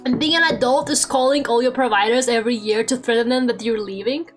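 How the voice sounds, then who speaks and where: A woman's voice: fairly high pitch, fast, soft background music. A young woman streaming and chatting casually while she draws, rambling, swearing freely and laughing often.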